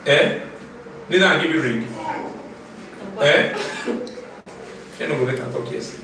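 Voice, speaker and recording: A man with a fairly high voice speaks slowly, teaching literature to a live class and firing off questions that end in "what?" for students to answer in call-and-response fashion. He is far from the mic in an echoey room, with background noise and the class audible.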